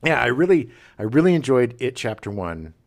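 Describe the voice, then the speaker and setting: A middle-aged man co-hosts a podcast, telling stories with animation and laughing often in a casual chat. His voice is gravelly and medium in pitch, and he talks fairly quickly.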